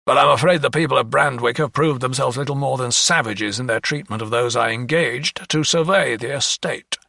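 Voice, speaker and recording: A man's voice: mid-range voice, normal speed, creaky, pushed and bright, dry recording, clean studio sound, far from the mic. A man voicing a ruthless, scheming English lawyer who talks in a sneering, sardonic way.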